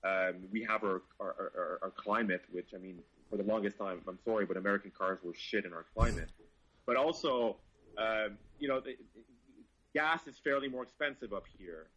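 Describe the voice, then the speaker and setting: A man's voice: fairly low pitch, normal speed, fairly bright tone, breathy edge, muffled recording. A Canadian car reviewer, a man, chatting casually and with enthusiasm, swearing freely. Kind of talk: casual chat.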